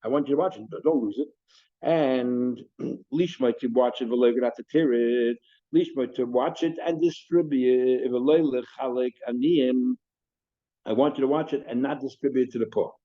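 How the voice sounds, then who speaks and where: A man's voice: mid-range voice, normal speed, muffled recording. A rabbi explaining a Talmud passage to his class, mixing Hebrew and Aramaic terms and asking rhetorical questions. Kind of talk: Daf Yomi Talmud class.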